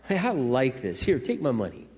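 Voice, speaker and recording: A man's voice: medium pitch, wildly swooping pitch, normal speed, darkish tone, slight background noise. A middle-aged man preaching a sermon in a conversational, storytelling way. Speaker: pastor. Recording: echoey hall, dull lo-fi sound.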